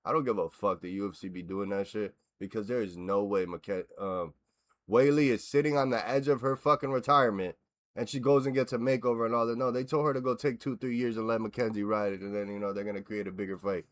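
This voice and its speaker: A man's voice: fairly low pitch, quick pace. A man hosting a reaction video, ranting bluntly and with lots of swearing as he breaks down a fight. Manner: profane, blunt, animated ranting. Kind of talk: casual fight reaction rant.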